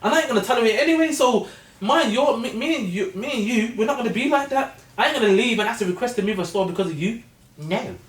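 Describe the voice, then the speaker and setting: A man's voice: very high-pitched, animated, quick pace. A man, telling a story in casual podcast chat full of slang. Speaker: podcast co-host. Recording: echoey room, far from mic.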